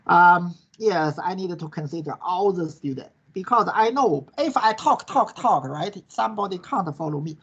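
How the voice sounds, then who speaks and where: A male course instructor with a high, gravelly, slightly bright and husky voice answers questions in an online class. His non-native English tags most sentences with "right?" and "okay?", and the recording is dull and lo-fi.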